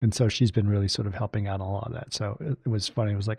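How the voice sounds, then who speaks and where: A man's voice: fairly low pitch, very fast, gravelly, breathy edge, no room sound. A man hosting a casual film podcast, telling anecdotes and acting out what others said. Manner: animated storyteller, mimics others' quotes. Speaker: podcast host.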